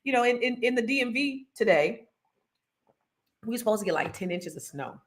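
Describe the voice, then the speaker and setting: A woman's voice: a little high, expressive, a little fast. A woman, hosting a casual livestream and chatting animatedly with her viewers. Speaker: livestream co-host.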